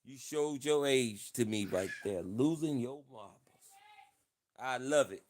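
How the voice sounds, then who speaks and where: Male livestream host, playful and boastful, fond of repeating himself, mid-pitched voice. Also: expressive, a little slow, a little hiss or hum. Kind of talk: casual livestream chat.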